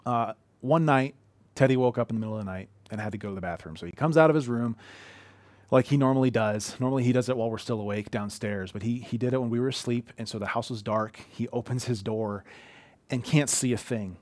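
Speaking fast in a medium-pitched, slightly mellow voice, a thirty-something pastor shares heartfelt personal stories during an earnest, conversational sermon. He is in a living room, and there is no room sound.

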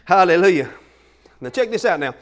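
High-voiced excitable pastor. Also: male voice, brisk. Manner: excitable, shouting bursts, folksy "man" fillers. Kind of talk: energetic sermon.

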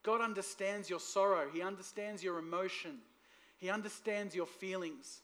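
A man preaching to a church congregation, lively, asking the room for responses. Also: sits high, normal speed. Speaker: pastor. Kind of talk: sermon.

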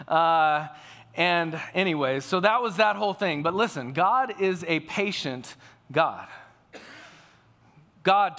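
A man's voice: high-pitched, bright, forceful tone. A man preaching a sermon to a congregation, telling a family story in a conversational way. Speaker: pastor.

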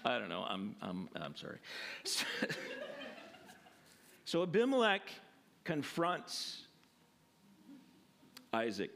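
A man's voice: medium pitch, slow pace, gravelly, pauses often, a little hiss or hum. A man preaching a sermon, reading a Bible passage and explaining it in a conversational way, with fillers and self-corrections, sometimes acting out the people in the story. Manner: animated, acts out the people in the story with a raised voice. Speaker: pastor.

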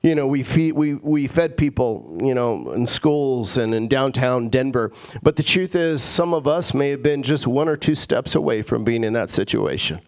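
A man's voice: mid-range voice, expressive, moderate pace, few pauses. A male pastor preaching a sermon in an earnest way, repeating phrases and stammering into restarts.

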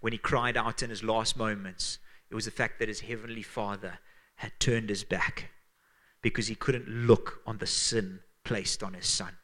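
Earnest Zimbabwean preacher, bright lower voice. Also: male voice, fairly even intonation, moderate pace. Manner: earnest, emphatic preaching with hushed dramatic drops. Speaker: pastor. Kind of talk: sermon.

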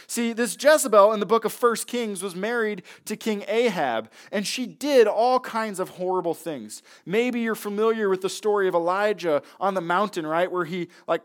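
A man preaching a sermon in a conversational way, acting out the voices of people in the story. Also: high-pitched. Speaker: pastor.

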